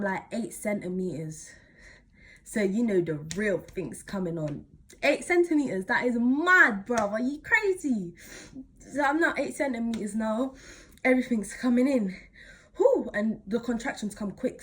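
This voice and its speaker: A teenage girl, chatting to camera as she retells a story in a casual, animated way. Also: a little high. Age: teens. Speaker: vlogger.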